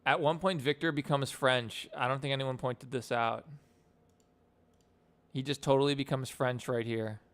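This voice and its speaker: Young male streamer, gravelly but smooth, rambling chat. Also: mid-range voice, fairly even intonation, normal speed, pauses often, fairly bright tone. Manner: rambling, filler-heavy. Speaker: animator streamer. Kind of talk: casual live-stream chat.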